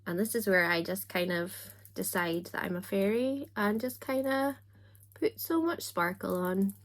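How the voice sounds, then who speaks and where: A woman's voice: medium pitch, a little slow. A young woman chatting casually on camera while doing her makeup, with a self-mocking, chatty manner and little asides. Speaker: book vlogger.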